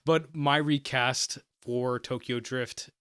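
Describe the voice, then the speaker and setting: A man's voice: medium pitch, fairly even intonation, slow pace, fairly bright tone, smooth, dry recording, studio quality. A man from the American South hosting a podcast, rambling through a casual film chat with lots of fillers. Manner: rambling, many fillers, thinking aloud. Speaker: podcast host.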